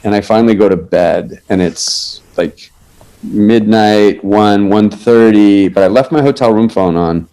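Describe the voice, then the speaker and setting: A man's voice: fairly low pitch, unhurried, dark tone, clean tone, rough recording. A man as a podcast guest, telling a long anecdote with laughs and frequent self-corrections. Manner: storyteller who acts out quoted voices, with laughs and self-corrections.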